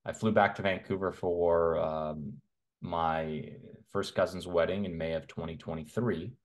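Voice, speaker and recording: Deep-voiced blunt man from Canada. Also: fairly even intonation, a little slow. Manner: blunt, opinionated, talks in long runs. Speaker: men's health coach, guest. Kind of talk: casual interview talk.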